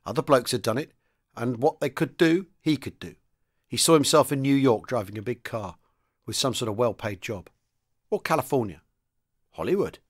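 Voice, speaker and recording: A man's voice: medium pitch, expressive, moderate pace, pauses often. Man reading a wartime novel aloud. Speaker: podcast host reading a novel. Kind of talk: audiobook-style reading.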